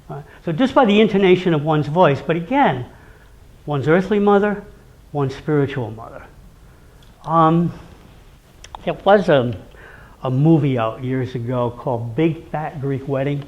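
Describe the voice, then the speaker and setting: His voice is on the high side, a little slow and full of pauses, heard through dull audio. This man, who has a Rhode Island accent, gives an animated, chatty live talk about local traditions, acting out quoted voices and often checking "okay?".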